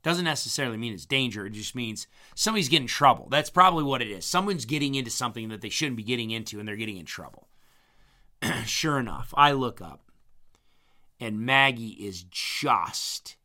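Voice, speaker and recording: Bright-voiced man with a strained throat. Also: medium pitch, lively intonation, moderate pace. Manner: rambling, repeats words, clears throat often. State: strained voice after hurting his vocal cords. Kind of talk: casual storytelling.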